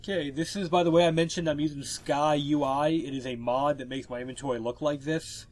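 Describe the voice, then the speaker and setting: A video game walkthrough narrator with a stuffy, congested voice from a cold chats casually as he explains the gameplay, using filler words. His voice sits on the high side, steady in tone and a little fast.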